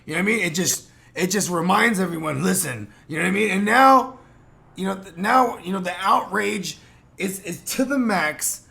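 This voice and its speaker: A podcast host from San Jose, California, speaks a little fast in a high, creaky, bright, forceful voice. He rambles through casual chat heatedly and profanely, with frequent fillers and restarts.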